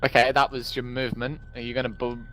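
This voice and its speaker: A man running a tabletop game as game master, making brisk rules calls and laughing easily with his players. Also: mid-range voice, level tone, fairly bright tone. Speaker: dungeon master. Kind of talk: casual tabletop game chat.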